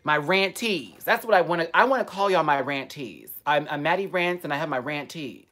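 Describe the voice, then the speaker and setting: A man's voice: on the high side, brisk. A man hosting a live stream, chatting casually and answering viewer comments with a sassy, playful manner. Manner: sassy, playful and animated, with frequent laughs.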